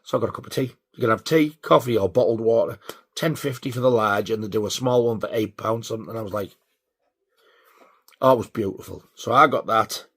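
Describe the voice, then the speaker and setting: Northeast guy ranting casual, husky voice, swears a lot. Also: lowish voice, brisk. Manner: sweary, animated when riled. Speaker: vlogger. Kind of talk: casual storytelling.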